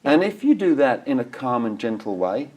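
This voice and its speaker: A man talking as a guest in a TV studio interview, animated and acting out examples as he explains. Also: medium pitch, normal speed. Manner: animated, acts out voices and examples. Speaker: dog behaviour expert guest.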